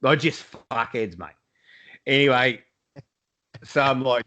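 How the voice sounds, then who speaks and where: A mid-range, slow voice with a bright, forceful tone comes through with the highs cut off. The speaker is an Australian man co-hosting a casual video-call podcast from his Iowa home, swearing freely amid blokey sports banter.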